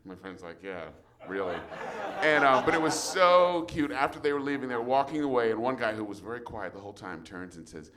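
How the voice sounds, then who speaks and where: A man, a voice actor, guesting on a live variety show interview and telling animated stories with frequent laughter. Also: medium pitch, fairly quick, a crowd in the background. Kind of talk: casual interview storytelling. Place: outdoor live show at an RV park.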